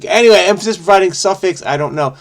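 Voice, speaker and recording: A man talks his way through a crossword puzzle, wondering aloud and doubting himself as he goes. His voice sits somewhat high for a man, and his delivery is loose and casual. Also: fast talker. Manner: rambling, self-questioning, frequent "I don't know". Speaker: crossword solving video host.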